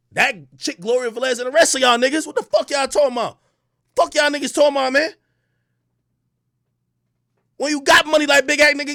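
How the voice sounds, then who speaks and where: A young man from Jamaica rants hard on a livestream, brash, profane and full of bravado. His voice sits high for a man, and the sound is close and dry with no room behind it. He swings from near shouting down to low, fast muttering. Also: vocal fry, no room sound. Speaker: livestream host. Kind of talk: heated ranting livestream.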